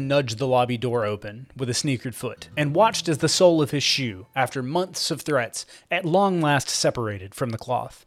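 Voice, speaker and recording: Expressive male storyteller. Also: medium pitch, moderate pace, few pauses, faint music behind. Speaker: narrator. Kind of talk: audiobook fiction narration.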